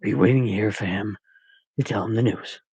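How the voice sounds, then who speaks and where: A man voicing a stern, grieving police chief father, speaking low and heavy. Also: normal speed, husky, no echo. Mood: grave. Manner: low, hushed, heavy delivery.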